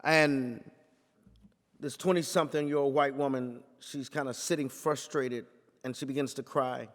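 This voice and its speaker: A man, a pastor, giving a talk full of storytelling in a preaching cadence, repeating phrases and building to forceful peaks. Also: medium pitch, fairly even intonation, normal speed, big-room sound.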